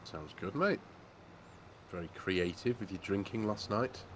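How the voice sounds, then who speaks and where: A man co-hosts a farming game livestream, chatting casually and jokingly, saying "mate" a lot and reading viewer messages aloud. His fairly low voice has lively intonation and a measured pace, with background noise.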